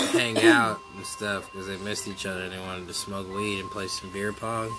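A man's voice: low voice, big pitch swings, measured pace, loud music behind the voice, poor audio. A man co-hosting a casual podcast, telling a story loosely while stoned, swearing and laughing. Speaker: podcast co-host.

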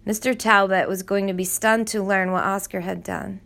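A woman narrating a novel chapter in a steady, measured storytelling voice. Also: mid-range voice, creaky. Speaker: audiobook narrator. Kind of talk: scripted narration.

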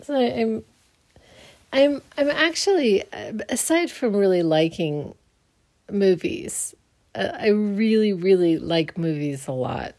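A woman's voice: medium pitch, big pitch swings, takes it slowly, a little mellow. A woman hosting her own podcast, chatting casually and rambling with many restarts, sleepy early in the morning. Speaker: podcast host. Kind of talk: casual solo podcast chat.

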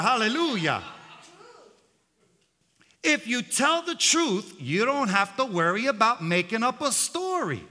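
Older male pastor, fiery sermon, very high bright voice, swooping pitch, long hall reverb. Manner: fiery preaching, hallelujah refrains.

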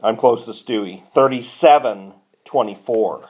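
A man's voice: mid-range voice, unhurried, a little mellow, slightly rough. A man in a casual sports chat, swearing heavily and mocking people in rants. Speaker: podcast co-host.

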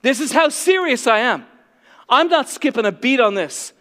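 A male pastor preaching with fiery, confrontational passion. His voice is notably high, and it echoes with a long hall reverb. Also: expressive, moderate pace, bright, forceful tone. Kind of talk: sermon.

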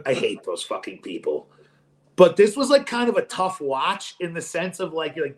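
A man co-hosting a podcast, talking sports in a profane, animated way and acting out quoted voices. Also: a little high, normal speed, echoey room. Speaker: podcast co-host. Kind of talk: casual sports chat.

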